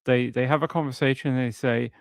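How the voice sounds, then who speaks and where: Man, casual livestream commentary, rambling and conversational, smooth clear voice, dry close mic. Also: medium pitch, steady tone, quick pace, dry recording. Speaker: true crime streamer.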